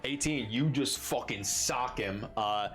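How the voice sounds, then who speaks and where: A man's voice: medium pitch, slow pace, a bit bright, faint music behind. A man narrating a tabletop game as game master in a loose, filler-heavy way.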